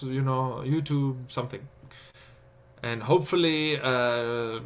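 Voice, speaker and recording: In a mid-range, slightly bright voice, a young man vents to his stream chat about how much commuting costs. The rant is casual and full of swearing, and he plays out his own exasperated inner monologue.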